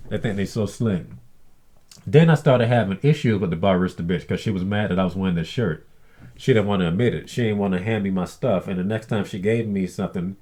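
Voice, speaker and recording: A male vlogger with a lowish, slightly mellow voice rants casually through a story, blunt and aggrieved. He swears a lot and imitates other people's lines in mimicked voices.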